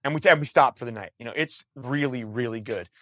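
A middle-aged man, a musician guest, telling a story in a casual, animated way, swearing freely and restarting his sentences. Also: mid-range voice, quick pace, no echo. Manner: animated, profane, frequent restarts.

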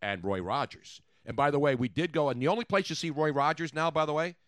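A man's voice: fairly high pitch, quick pace, no room sound. A man hosting a comedic talk show, rambling through stories in casual chat. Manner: rambling, animated storytelling. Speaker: radio talk show host.

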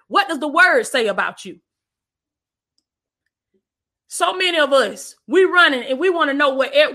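A woman's voice: high voice, bright, forceful tone. A woman preacher giving an emphatic, repetitive livestream sermon, calling her listeners "baby" and thanking viewers between points.

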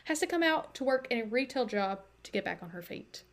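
A woman with a fairly high voice tells a story as a podcast host. She talks in a loose, chatty way, full of "like" and "you know". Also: fairly quick. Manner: chatty, animated, many fillers and likes. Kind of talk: casual storytelling chat.

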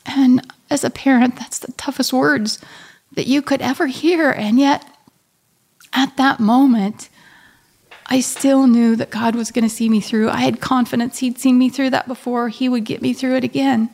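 A middle-aged woman speaks as a guest, telling a deeply personal story of loss. Her voice carries a gravelly fry, and she moves through the memory haltingly, with frequent pauses and restarts. The telling is heartfelt and unhurried. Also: steady tone, darkish tone. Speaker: guest, a bereaved mother.

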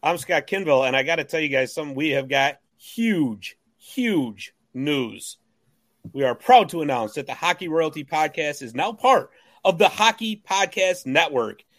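A man's voice: on the high side, animated, normal speed, fairly bright tone, no room sound. Upbeat man hosting a podcast. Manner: upbeat hype-man introductions. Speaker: podcast host. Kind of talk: casual sports podcast chat.

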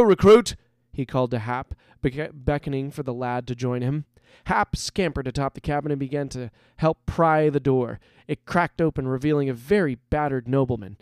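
A man reading a fantasy story aloud as narrator, in a measured and dramatic way. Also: medium pitch, darkish tone, clean tone, no room sound, clean studio sound.

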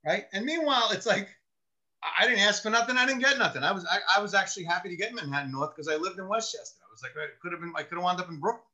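A man's voice: high-pitched, very fast. A man, a retired police officer telling stories in casual chat and acting out the voices of others. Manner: animated storyteller who acts out the voices of others.

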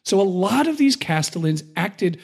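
A man co-hosting a casual podcast, explaining medieval history in plain terms and now and then acting out quick quoted voices. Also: high-pitched, big pitch swings, gravelly, husky. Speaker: podcast co-host.

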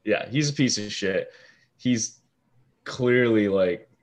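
A young man with a deep voice telling a story in casual talk, swearing freely and acting out what people said. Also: takes it slowly. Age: young adult. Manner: animated storyteller, swears freely, acts out quoted lines. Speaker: fast-food shift manager.

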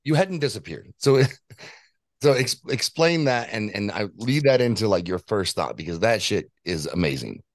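A man's voice: on the low side, sing-song, moderate pace, dry recording, clean studio sound. A man hosting a casual podcast, talking loosely with filler words and casual swearing. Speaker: podcast host.

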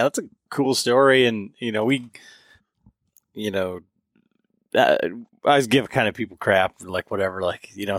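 A man's voice: on the low side, no echo, studio quality. A man hosting a podcast, chatting in an easygoing, teasing way with filler asides. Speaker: podcast host. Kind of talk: casual podcast chat.

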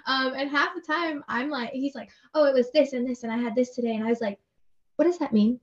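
A chatty woman co-hosts a casual podcast, her voice sitting a little high. She laughs easily and fills her talk with fillers. The audio is a touch dull and muffled. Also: fairly quick, slight background noise. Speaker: podcast co-host, mother, military spouse. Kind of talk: casual chat.

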